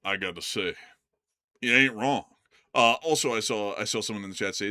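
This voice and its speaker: Bright-voiced joking male news host. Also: lowish voice, normal speed. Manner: jokey, loose, stumbles over words. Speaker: host of a war news livestream. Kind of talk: casual news commentary.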